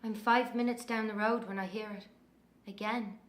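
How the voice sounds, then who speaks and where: With an Irish accent, a young adult actress performs a dramatic monologue in an audio drama as a young woman haunted by her missing twin. Her mid-range voice holds a steady tone, lightly acted, against a faint hiss or hum. She tells the story breathlessly and flares into anger quickly.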